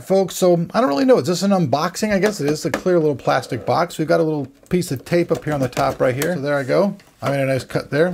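A man's voice: a little high, vocal fry, background noise. A man giving casual, rambling commentary as he unboxes and reviews a gaming headset, joking at his own expense. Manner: chatty, rambling, self-deprecating. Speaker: tech reviewer.

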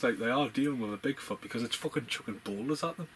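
A man giving casual, profane, rambling commentary over a film, getting excitable as he talks. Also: medium pitch, fast talker, hardly any pauses, a little hiss or hum, low-quality recording.

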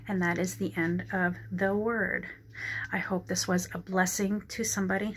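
A woman sharing a prophetic word and reading scripture in a dark room, halting over words and close to tears. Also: mid-range voice, fairly even intonation, a little hiss or hum. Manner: halting reading with stumbles and apologies.

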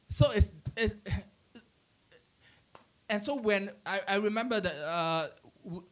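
Man, middle-aged, pastor, high voice, chatty church teaching, animated, restarts often. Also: takes it slowly, pauses often. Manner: animated storytelling, frequent restarts and chuckles.

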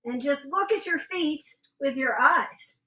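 A woman's voice: high voice, lively intonation, a little slow, sharp tone. A woman, a mother, cheerfully leading a family home workout, counting reps and giving encouraging instructions. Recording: echoey room, voice from far off the mic.

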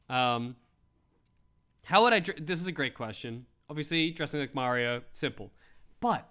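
A man's voice: fairly high pitch, lively intonation, moderate pace, pushed and bright, clean tone. A man streaming casual commentary, reading how-to articles aloud with wry, rambling asides and replies to his chat.

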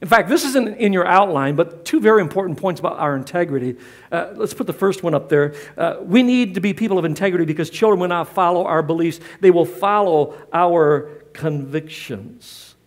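High-voiced emphatic preaching man. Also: lively intonation, fairly quick. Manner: emphatic, repeats key lines. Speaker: pastor. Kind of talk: sermon. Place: church.

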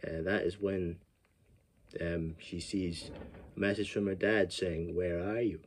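Low-voiced man swearing through a film recap. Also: little pitch movement, slow, a little hiss or hum. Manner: rambling, profane, laughs often. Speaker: film reviewer. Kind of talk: casual movie recap.

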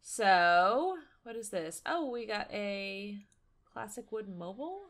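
A woman commentating a life-simulation game, chatty and excitable, talking to her viewers and to the characters on screen. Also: mid-range voice, takes it slowly. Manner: excitable, squeals and laughs at surprises. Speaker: gaming YouTuber. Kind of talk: let's play commentary.

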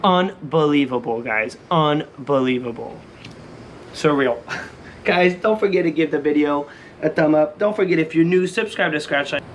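A man hosting a lottery scratch-off vlog in excited casual commentary. He keeps calling out to his viewers and breaks into shouts and sing-song cheers when he wins. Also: a little high, normal speed, slight background noise. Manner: shouts and sing-songs when he wins, then drops back to calm chatter.

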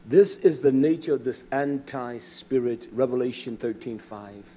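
A man preaching a fiery sermon, swinging between shouted declarations and hushed asides, acting out conversations. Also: medium pitch, fairly even intonation, normal speed, slight background noise.

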